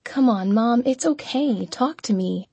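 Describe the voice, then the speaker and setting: A woman's voice: fairly high pitch, lively intonation, a little slow, mellow, husky, no room sound, exaggerated voice. A woman reading the lines of a worried young woman who earnestly pleads with her mother. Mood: pleading.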